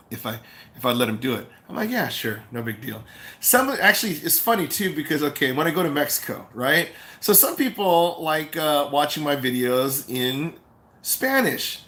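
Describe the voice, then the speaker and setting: Excitable man telling stories, bright voice. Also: mid-range voice. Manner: animated, excitable, retells stories in quoted voices. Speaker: YouTube vlogger. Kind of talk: casual livestream storytelling. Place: indoors, livestream.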